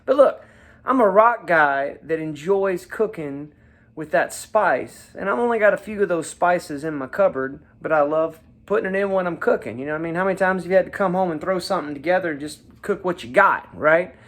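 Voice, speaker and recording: High-voiced man teaching guitar casually. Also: fairly quick, a bit bright. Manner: folksy and chatty, checks in often with "right?". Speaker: guitar teacher and show host. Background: his own guitar playing.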